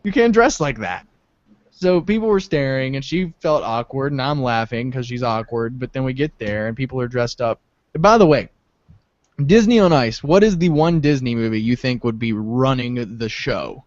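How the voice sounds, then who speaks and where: A man's voice: moderate pace, no echo. A young man co-hosting a podcast, telling stories animatedly and laughing often. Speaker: podcast co-host. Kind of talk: casual chat. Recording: dull low-fi sound.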